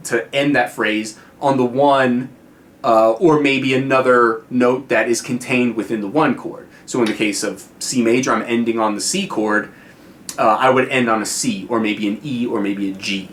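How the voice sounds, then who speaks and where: A man's voice: mid-range voice, normal speed, a bit bright, slight background noise. An American man giving a casual guitar lesson on video, chatty and full of fillers, often checking in with "right?". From United States. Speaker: guitar teacher.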